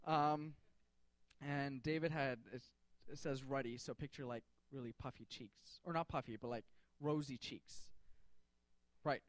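A man's voice: mid-range voice, fairly even intonation, a little slow, dry recording. A man in a casual, jokey storytelling sermon, talking to a group with slang and fillers.

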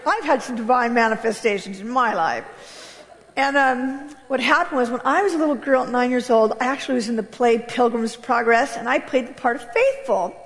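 Animated high-voiced woman giving testimony. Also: brisk, long reverb tail. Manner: animated, candid, laughing often. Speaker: guest speaker giving testimony. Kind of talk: church testimony. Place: church hall.

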